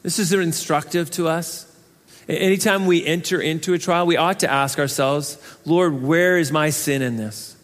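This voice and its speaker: A man's voice: on the high side, moderate pace. A man preaching an expository sermon in an earnest, conversational way, asking his listeners questions. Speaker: pastor. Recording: long hall reverb.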